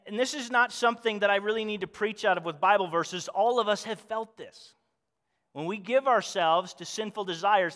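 High-voiced preacher man in a reverberant hall. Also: a bit bright. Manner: earnest, asks the congregation questions. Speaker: pastor. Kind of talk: sermon.

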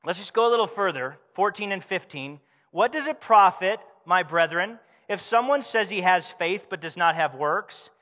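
High, bright-voiced preacher man in a hall. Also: moderate pace. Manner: animated, conversational preaching with rhetorical questions. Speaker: pastor. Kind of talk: sermon.

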